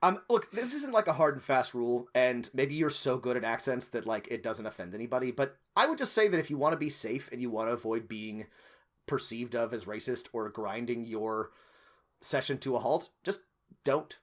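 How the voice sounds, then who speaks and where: A man of ordinary middle pitch chats on a podcast. He rambles and thinks aloud, filling his pauses with little verbal fillers as he gives advice to game masters. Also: animated, a bit bright. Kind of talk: casual podcast chat.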